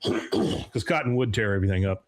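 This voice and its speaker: Low-voiced man recapping a cartoon episode. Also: expressive, normal speed. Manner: retells scenes, briefly acting out lines. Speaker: podcast co-host recapping episodes. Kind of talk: casual recap chat.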